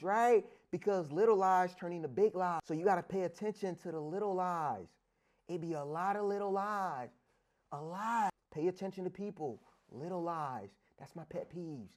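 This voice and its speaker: A man from Africa, an interview guest telling stories in a casual, animated, profane slang style, acting out dialogue in other voices. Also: high-pitched, moderate pace. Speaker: interview guest, sports bettor. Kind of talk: casual storytelling chat.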